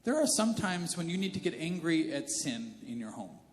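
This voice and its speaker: A male pastor preaching a sermon in a casual, animated, conversational way. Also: fairly high pitch, normal speed. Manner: conversational and animated, slips into character voices. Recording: reverberant church hall with faint music.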